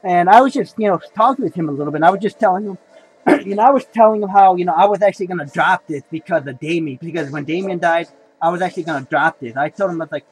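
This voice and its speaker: A man's voice: high voice, fast, low-quality recording. A young man in casual video chat, rambling about signed comics, repeating himself and saying "folks" and "you know" a lot. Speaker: comic collector vlogger. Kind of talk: casual haul video talk.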